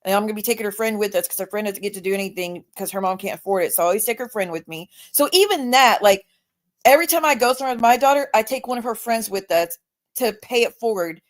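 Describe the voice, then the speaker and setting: A woman's voice: mid-range voice, quick pace. A woman hosting a live stream in casual chat, blunt and emphatic, swearing freely. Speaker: livestream host.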